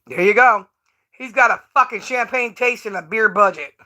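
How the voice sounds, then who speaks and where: A woman's voice: fairly high pitch, normal speed, pushed and bright. A woman streamer who rants with profane, scornful commentary. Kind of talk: ranting live stream commentary.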